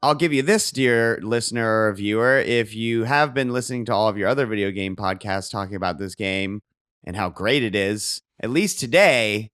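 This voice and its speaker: Man, podcast host, casual, joking, rambling, smooth voice. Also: on the low side, normal speed, fairly bright tone, no echo, studio quality.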